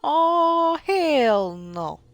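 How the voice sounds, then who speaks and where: A woman's voice: high-pitched, very animated, drawn-out words, no room sound. A woman streaming a video game live, reacting and swearing as she plays. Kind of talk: live gameplay commentary. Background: game music.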